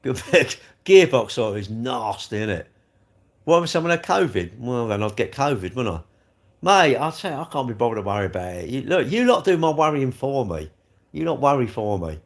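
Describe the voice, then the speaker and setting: Brief: rambling, jokey man chatting to his live-stream viewers, mid-pitched. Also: big pitch swings, moderate pace. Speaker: livestream host reading chat. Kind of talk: casual live chat.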